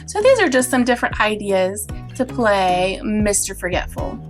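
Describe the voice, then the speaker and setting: A woman teacher explaining early reading games for parents in an instructional video, patient and clear, drawing out example words. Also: medium pitch, sing-song, moderate pace, faint music behind.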